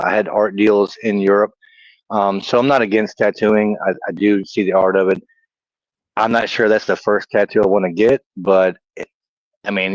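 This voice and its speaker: The audio is dull and free of room sound, carrying a fairly low male voice with a Southern US accent. He's a middle-aged livestream co-host, talkative, easy to laugh and given to self-teasing in a casual setting.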